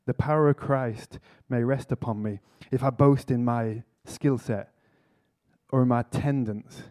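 A man's voice: medium pitch, steady tone, a little slow, a little mellow. A man giving a conference sermon, telling a story earnestly with self-mocking humour. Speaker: speaker at a church conference. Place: conference hall talk.

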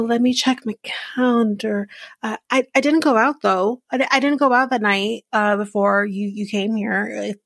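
A woman's voice: mid-range voice, creaky, no echo. A woman doing a stammering man playing dumb. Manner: stammering, feigned confusion.

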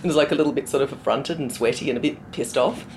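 A woman, presenting and casually telling an animated, sweary story. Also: extremely low pitch, fast talker, slight background noise. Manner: animated, swears casually, quotes people in voices. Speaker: radio presenter.

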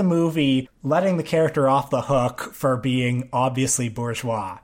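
A man's voice: mid-range voice, steady tone, moderate pace, hardly any pauses, a little mellow. A man co-hosting a casual film discussion, sardonic with mock-serious asides. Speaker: podcast co-host.

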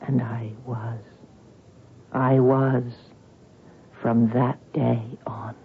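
Une femme hantée et fragile, qui chuchote. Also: female voice, rumbling low, little pitch movement, extremely slow, background noise, full character voice. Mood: wistful. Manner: hushed, dreamy, drifting into whispers. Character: haunted woman recalling her childhood, fragile and despairing. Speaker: narrator of the story. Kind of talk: 1970s radio drama acting. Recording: tinny 1970s radio broadcast over music.

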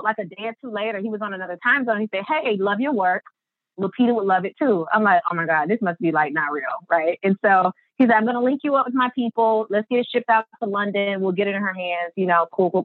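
Woman, mid-pitch, lively storyteller who voices every quote; dry, phone-narrow recording. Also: no echo. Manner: lively, acts out quotes with big pitch jumps, many fillers. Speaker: artist and business founder, interview guest. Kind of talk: animated storytelling in an interview.

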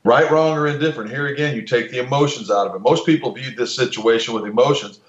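A man's voice: medium pitch, fast talker, few pauses, roomy sound, highs cut off. A man in casual podcast talk, blunt and opinionated, swearing freely and restarting his sentences.

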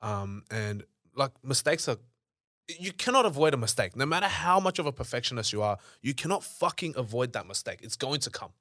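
A man's voice: mid-range voice, very animated, brisk, bright, forceful tone, no echo, clean studio sound. A young Australian man, an entrepreneur guest on a podcast, telling stories bluntly and emphatically with a lot of swearing. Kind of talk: candid storytelling in conversation.

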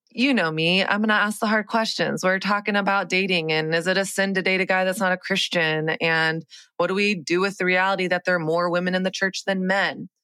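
An upbeat woman hosts her podcast in a casual, chatty way, laughing often. Her voice sits a little low but sounds bright and forceful. The recording is dry and close, with no room sound. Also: no echo. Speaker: podcast host.

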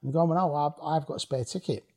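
A man's voice: a little high, quick pace, mellow. A man, telling blunt, swear-filled stories as an interview guest, laughing as he goes. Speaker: guest, former rave promoter. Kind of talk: casual storytelling interview.

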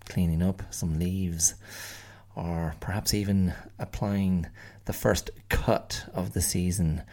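Irish guy, middle-aged, low voice with lots of fry, wry and rambly, keeps restarting his sentences. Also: mellow. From Ireland. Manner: rambling, wry, digressive, stops to restart phrases. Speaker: podcast host. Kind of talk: solo podcast musing.

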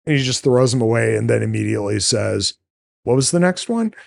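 A man voicing a flustered, sheepish young man who rushes out eager excuses. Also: mid-range voice, expressive, creaky, no echo, studio quality. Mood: hurried.

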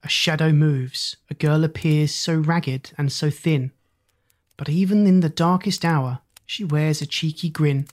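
A storyteller reading rhyming children's stories in a measured, sing-song way. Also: medium pitch, steady tone, darkish tone.

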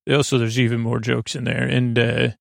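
A man hosting a sleep podcast, recapping a TV episode in a halting, meandering way with many filler sounds and self-corrections. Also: mid-range voice, flat delivery, creaky, no room sound, studio quality.

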